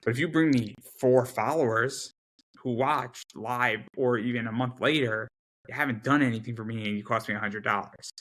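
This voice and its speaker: A man chatting as an interview guest in a mid-pitched voice. He talks emphatically and keeps restarting, repeating words in quick bursts. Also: a bit bright. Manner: rapid repetitive restarts, emphatic. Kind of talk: casual interview chat.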